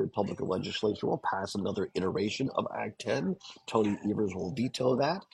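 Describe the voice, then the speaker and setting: A man with a deep, rough, raspy voice talks as a guest on a political radio show. He explains things earnestly and stumbles into restarts. The timbre is gravelly throughout. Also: a little mellow, poor audio. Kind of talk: political talk radio discussion.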